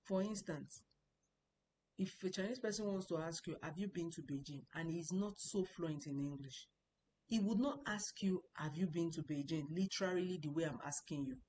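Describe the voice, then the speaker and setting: A woman's voice: on the low side, moderate pace, darkish tone, slight background noise, rough recording. A woman teaching a Chinese language lesson, explaining patiently and repeating key points, and stressing important words.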